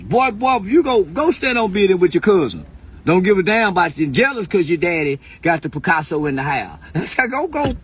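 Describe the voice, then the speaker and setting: A man hosting a podcast, delivering a loud, profane, laughing freestyle rant that swings between high outbursts and low mutters. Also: a little hiss or hum. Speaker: podcast host.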